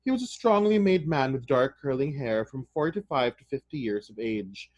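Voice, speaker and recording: A man reads a novel aloud in a plain, mid-pitched voice. Between passages he breaks into casual, excited commentary for his listeners. The sound is close and dry with no room echo. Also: normal speed, muffled recording. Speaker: reader of a novel.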